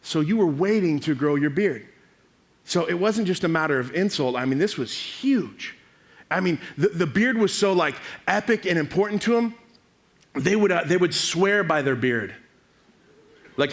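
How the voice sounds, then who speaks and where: A young man preaching a casual youth sermon, telling the story with jokes and acting out quick bits of dialogue. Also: fairly high pitch, lively intonation.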